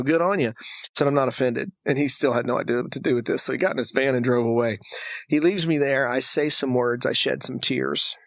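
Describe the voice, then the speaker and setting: A man's voice: fairly high pitch, dry recording. A man from Texas, a podcast guest, telling a personal story and acting out the voices of the people in it. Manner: animated storyteller who acts out dialogue.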